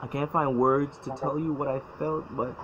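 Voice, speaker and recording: A man telling his personal faith story, halting and emotional, often repeating words as he speaks. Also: mid-range voice, level tone. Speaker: former church member telling his story. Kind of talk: personal testimony. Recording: dull lo-fi sound, faint noise.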